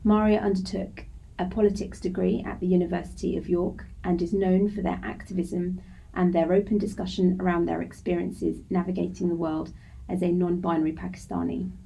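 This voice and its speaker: A woman reading out a speaker's biography at a live event in a steady, formal way. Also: on the low side, normal speed, gravelly, slightly rough, poor audio. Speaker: event presenter.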